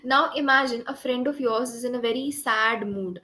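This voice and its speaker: A woman's voice: on the high side, moderate pace, sharp tone, low-quality recording. A woman with an Indian English accent teaching an online English speaking lesson, explaining step by step and encouraging her student over a video call.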